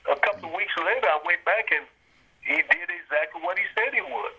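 Husky older man. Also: sits high, expressive, fairly quick. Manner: emphatic, acts out quoted people, checks in with "you got me?". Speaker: interviewee, retired college baseball coach. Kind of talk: storytelling interview. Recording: dull lo-fi interview recording.

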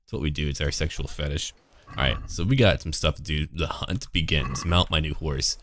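A man's voice: very deep voice, brisk, fairly bright tone. A man streaming a video game, chatting casually with viewers and joking irreverently as he plays. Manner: joking, irreverent, talks to chat. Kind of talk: casual gameplay commentary.

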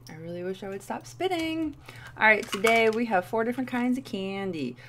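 A woman's voice: a little high, lively intonation, normal speed, fairly bright tone, slight background noise. A woman in her thirties doing a playful candy review vlog, with goofy asides. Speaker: vlogger.

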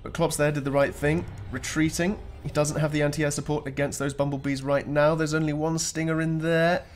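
A man's voice: fairly high pitch, level tone, fairly quick. Guy casting a strategy game replay, joking around, faint music behind. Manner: chatty and joking, with playful asides. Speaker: game commentator.

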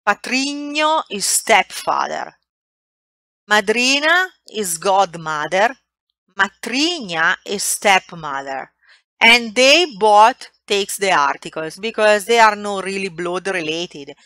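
A woman with an Italian accent, a native Italian speaker, teaching a language class with patient explanations and slowly drawn-out example words. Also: medium pitch, lively intonation, sharp tone, no room sound.

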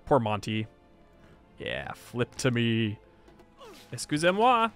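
Lively, chatty male game streamer. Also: mid-range voice, moderate pace, faint music behind. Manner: chatty, wry, talks to himself and game characters. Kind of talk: live gameplay commentary.

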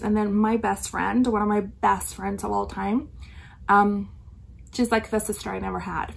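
Chatty woman with a gravelly edge. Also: mid-range voice. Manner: rambling and chatty, with frequent ums and self-corrections. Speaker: knitting podcast host. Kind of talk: casual chat.

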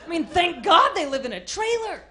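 A woman doing a stand-up comedy set on a club stage, bursting into loud acted-out voices and shouts. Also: very high-pitched, big pitch swings, brisk. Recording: live club with noisy crowd.

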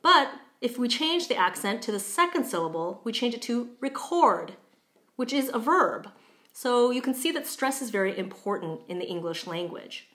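A woman giving a pronunciation lesson, speaking clearly and deliberately and stretching out example words to show how they sound. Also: on the high side, big pitch swings, a bit bright. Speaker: language teacher.

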